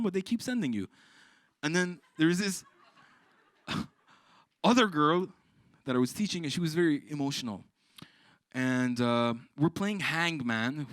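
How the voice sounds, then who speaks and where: A man from Iran doing live stand-up, telling stories with swearing and shouted punchlines. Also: a little high, no room sound. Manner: animated, swearing, exclaiming punchlines. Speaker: stand-up comedian. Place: live comedy stage.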